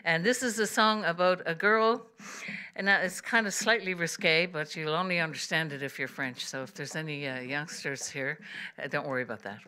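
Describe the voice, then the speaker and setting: A woman's voice: low voice, moderate pace, pushed and bright, smooth. A woman folk singer, chatting to a live audience between songs, with many ums and uhs and easy laughs. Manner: chatty and self-amused, full of ums and uhs, laughs easily. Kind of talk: live concert stage banter between songs. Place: live arts venue with an audience.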